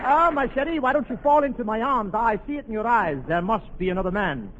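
A man's voice: extremely high pitch, animated, fast, fairly bright tone, some chatter behind, pitched above the performer's own voice, exaggerated voice. A man putting on a vain French screen lover. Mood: crooning. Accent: put-on French. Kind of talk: 1940s radio comedy sketch. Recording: dull old radio broadcast with hiss and hall echo.

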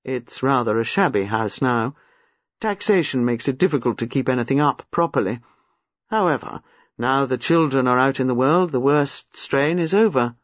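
A man reading aloud, voicing a reserved, sad middle-aged gentleman who speaks slowly and gravely. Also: mid-range voice, dry recording, natural voice. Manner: measured, grim, slow. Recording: slightly muffled, dry.

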